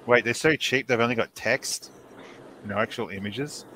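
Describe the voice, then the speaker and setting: A man's voice: medium pitch, moderate pace, noisy background. Rambling male podcast co-host. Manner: rambling, with frequent fillers and restarts. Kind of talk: casual chat.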